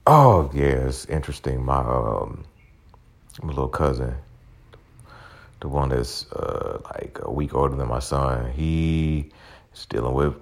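A man's voice: a bass voice, measured pace, creaky, long pauses. A man in his forties hosting a podcast, ranting bluntly with plenty of swearing. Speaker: podcast host. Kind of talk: casual profane rant.

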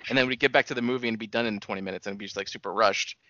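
A man's voice: on the low side, fairly even intonation, very fast, sharp tone, no room sound. A young man co-hosting a casual podcast, arguing his point, laughing often and swearing, his voice jumping up when worked up. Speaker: podcast co-host. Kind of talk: casual profane chat. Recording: dull lo-fi sound.

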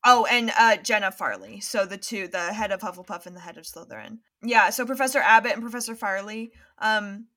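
A woman's voice: mid-range voice, fairly quick, few pauses. A woman running a tabletop game as game master, narrating loosely with many fillers. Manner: relaxed, filler-heavy narration.

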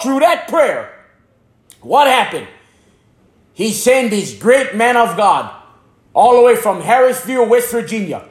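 A man's voice: very high voice, echoey room. A man from Hawaii giving a passionate religious testimony as a preacher. He repeats phrases and stumbles over his words. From Hana, Maui, Hawaii.

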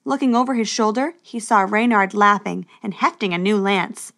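A woman narrating a storybook adventure in a steady, expressive way. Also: medium pitch, normal speed, vocal fry.

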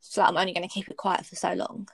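A woman's voice: fairly low pitch, level tone, quick pace, vocal fry, husky, no echo. A young woman, candidly telling a personal story in casual chat, blunt and swearing freely.

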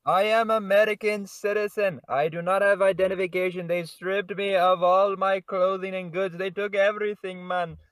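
A man puts on a scruffy male drifter who whines and protests in broken grammar. The voice sits a little high and is recorded close with no room sound. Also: fairly even intonation, moderate pace, few pauses, fairly bright tone, dry recording, poor audio. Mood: indignant. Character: scruffy stranded male drifter, whiny and indignant.

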